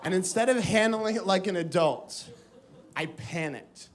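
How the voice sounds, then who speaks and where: An American man in a live stand-up set, his fairly high voice leaping up and down as he acts out the people in his story. The mic sits in a big, echoing hall with steady noise behind him. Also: measured pace. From United States. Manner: animated storytelling, acting out voices. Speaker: stand-up comedian. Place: comedy stage before a live audience.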